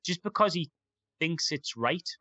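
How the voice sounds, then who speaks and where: A man's voice: a little high, lively intonation, a little slow, sharp tone, no echo. A young man chatting casually and enthusiastically, rambling with lots of fillers. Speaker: podcast guest. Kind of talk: casual chat.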